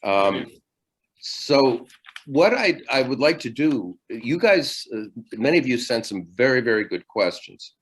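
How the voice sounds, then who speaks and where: An older man teaching a class over a video call, talking haltingly with many fillers and restarts. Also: medium pitch, sing-song, husky. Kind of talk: virtual class lecture.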